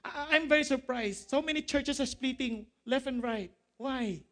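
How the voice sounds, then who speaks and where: High-voiced animated male preacher. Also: normal speed. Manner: animated preaching, laughing at own jokes; quotes scripture, asks the audience questions. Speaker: pastor. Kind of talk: sermon.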